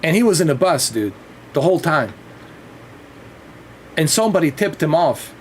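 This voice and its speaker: A man's voice: fairly high pitch, very animated, normal speed, slight background noise. Rambling, cursing man on a livestream. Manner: rambling and profane, with frequent restarts and laughs. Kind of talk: casual rambling chat.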